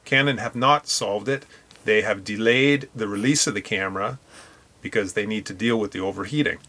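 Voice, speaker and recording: A man with a Northern Irish accent co-hosting a casual podcast chat, talking in an animated, emphatic way. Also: fairly low pitch, normal speed. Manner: animated, emphatic, talks through camera specs. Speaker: podcast co-host.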